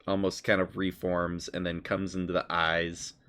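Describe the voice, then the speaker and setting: A man's voice: low-pitched, monotone, moderate pace, sharp tone. A man narrating as dungeon master of a tabletop game, describing scenes loosely with fillers.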